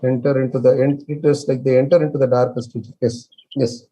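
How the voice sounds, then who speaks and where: A man leading an online scripture class. He explains with many fillers and restarts and chants verses very slowly. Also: medium pitch, little pitch movement, warm tone. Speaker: scripture study teacher.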